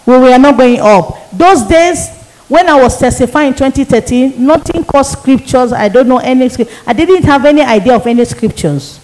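A woman's voice: sits high, animated, moderate pace, darkish tone, rough recording. A woman evangelist, giving an emotional sermon testimony and repeating phrases for emphasis. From Nigeria.

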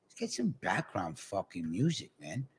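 A man's voice: sits low, wildly swooping pitch, normal speed, slightly rough. A man hosting a casual podcast, talking in a rambling, profane way. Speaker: podcast host.

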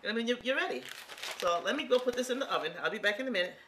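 A woman's voice: on the high side, animated, rapid-fire, fairly bright tone, a little hiss or hum. Folksy exclamatory woman in her sixties. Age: 60s. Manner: exclamatory and folksy, talks straight to viewers. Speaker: home cook. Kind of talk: casual cooking demonstration.

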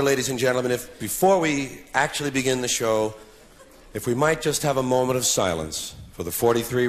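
A man in his forties performing a stand-up comedy routine on a live stage, sardonic with mock-solemn asides. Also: medium pitch. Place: live stage before an audience. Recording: noisy live recording.

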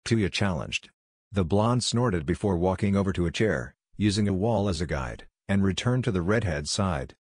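A man narrating a fan-fiction story in an even, storytelling manner. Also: low-pitched, normal speed, breathy edge, no room sound, studio quality.

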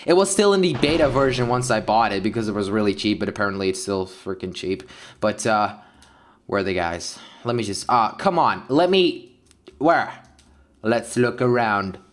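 A young man giving excitable Let's Play commentary over a game, yelping and laughing at the action. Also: medium pitch. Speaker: gaming YouTuber.

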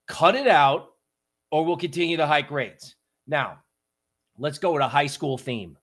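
A man hosting a casual livestream on markets, talking in an animated, joking storytelling way. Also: fairly high pitch. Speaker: crypto market livestream host.

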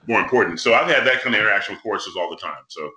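This is a man sitting in as a guest opera bass on a casual video-call chat. His low-pitched voice is strikingly bright and forceful. He talks earnestly and humbly, often breaking off and restarting his phrases. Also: expressive, very fast, poor audio.

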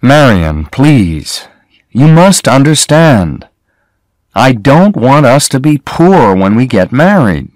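A man reading the lines of a gentle young man who calmly reasons with his lover. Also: slow, no room sound, studio quality. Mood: reasoning. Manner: soft and calm, slightly lowered.

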